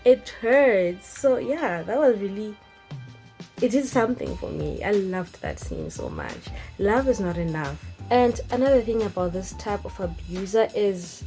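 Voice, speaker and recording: A woman's voice: medium pitch, moderate pace, faint music behind, low-quality recording. A young woman, chatting casually and expressively to camera in a vlog. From Zimbabwe. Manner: animated, expressive, emphatic. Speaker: vlogger.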